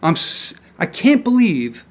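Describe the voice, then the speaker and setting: Angry young man ranting, pitched a bit high. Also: big pitch swings, a little slow. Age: young adult. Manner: swearing, agitated, stumbling restarts. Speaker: independent crypto commentator. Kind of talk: angry solo rant to camera. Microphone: camera mic.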